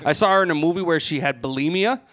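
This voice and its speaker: A man's voice: on the high side, quick pace, fairly bright tone. Laughing man hosting a chat. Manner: laughs often, teasing. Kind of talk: casual comedic chat.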